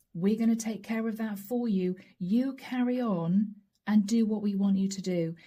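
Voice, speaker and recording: Woman, tarot reader, warm mellow tone, intimate, repetitive, talks straight to the listener, occasional soft whispers. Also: medium pitch. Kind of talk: channeled tarot reading.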